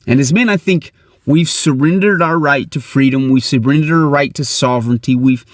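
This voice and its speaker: Host, middle-aged man, blunt motivational monologue, plain mid pitch, dry close sound. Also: normal speed, no echo. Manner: earnest, blunt, swears casually.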